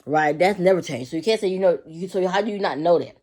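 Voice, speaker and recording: A woman who looks after young children rants casually about her workplace, quick and mellow in a fairly low register. Her story wanders and repeats, laced with profanity, and she imitates coworkers when quoting them.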